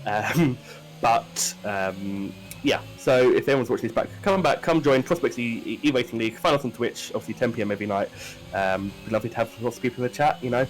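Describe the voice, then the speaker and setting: A man's voice: mid-range voice, brisk, rough recording. A man giving chatty live commentary on a sim race, with many fillers and restarts.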